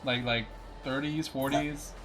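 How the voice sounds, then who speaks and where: Co-host man, mid-pitched, amused and quick to laugh, faint music behind him. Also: steady tone, fairly bright tone. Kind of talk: casual chat.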